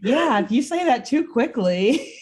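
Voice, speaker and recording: A woman co-hosting a podcast reacts to her partner's story in casual chat. She chimes in with quick jokes and laughs often. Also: sits high, very animated, a little mellow, slightly rough. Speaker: podcast co-host listening to a recap.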